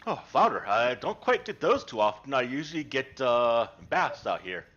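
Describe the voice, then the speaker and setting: A man voicing a humble, polite fisherman who speaks hesitantly with many pauses, in a tabletop game over a web call. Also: medium pitch, very animated, a bit bright, highs cut off, pitched below the performer's own voice. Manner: hesitant, halting, full of ums and pardons. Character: humble middle-aged male fisherman, polite and shy.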